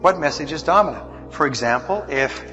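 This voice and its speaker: A man gives a motivational seminar talk and walks through his points one by one, like a lecturer. His voice sits a touch high. The recording is dull and lo-fi, with clear music playing under it. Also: expressive, normal speed. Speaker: motivational speaker.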